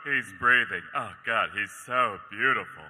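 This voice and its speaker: An actor playing a lovestruck mermaid princess, half-singing in a slow, swooning way with giggles, on a live stage. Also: male voice, mid-range voice, big-room sound, background noise, lightly acted. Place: convention stage.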